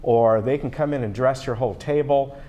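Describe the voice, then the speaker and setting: A man's voice: mid-range voice, brisk, mellow, dull audio. A man hosting a local television show, chatting upbeat and promotional with a guest. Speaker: TV show host. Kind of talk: local TV interview chat.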